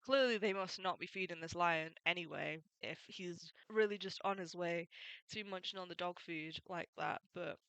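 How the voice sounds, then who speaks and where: Bright, crisp woman chatting casually. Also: fairly low pitch, normal speed, no room sound, rough recording. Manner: chatty, opinionated, fond asides. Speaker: manga recap YouTuber. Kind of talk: casual chat retelling a comic.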